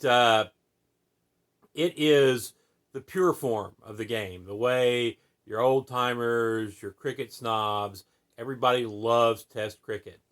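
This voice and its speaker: A man's voice: mid-range voice, fairly bright tone. An American man hosting a podcast, explaining a sport in a casual, folksy way with many fillers and "right?" asides. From United States. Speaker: podcast host.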